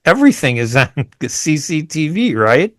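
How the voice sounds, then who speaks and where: A man's voice: fairly high pitch, big pitch swings, moderate pace, a bit bright, dry recording. A man hosting a radio interview, chatty and rambling, often restarting his sentences. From United States. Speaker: radio host. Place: radio studio.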